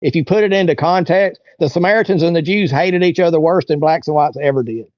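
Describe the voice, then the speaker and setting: A man's voice: fairly high pitch, fast, no echo. A man being interviewed, telling a long story in a loose, rambling way and acting out what other people said. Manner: rambling, acts out other people's lines in raised voices. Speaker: interview guest. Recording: dull, lo-fi, dry sound.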